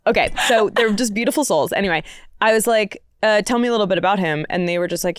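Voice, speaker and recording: A woman's voice: mid-range voice, quick pace, no echo, studio quality. A woman on a podcast, telling a personal story in a candid, self-mocking way and laughing often. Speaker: podcast guest. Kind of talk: casual storytelling chat. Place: podcast studio.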